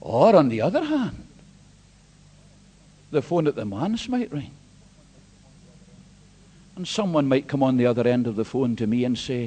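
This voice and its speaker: A man pastor preaching an emphatic sermon, swinging between hushed and loud. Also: medium pitch, very animated, measured pace, long pauses, husky. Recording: long hall reverb.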